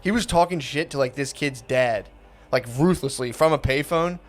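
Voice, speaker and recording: A man in his thirties with a slightly high voice, telling crude comic stories on a podcast. He laughs often as he talks and acts out what other people said. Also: moderate pace. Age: 30s. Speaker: podcast co-host. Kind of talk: casual comedic storytelling.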